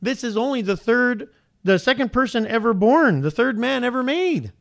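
A man preaching a sermon to a congregation, animated and questioning, his pitch rising sharply on points of emphasis. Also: moderate pace, creaky. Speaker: pastor.

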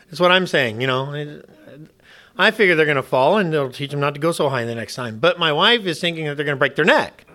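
Bright-voiced preacher man. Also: a little high, fast. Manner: emphatic, asks the congregation questions; frequent restarts and repeated words. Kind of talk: sermon.

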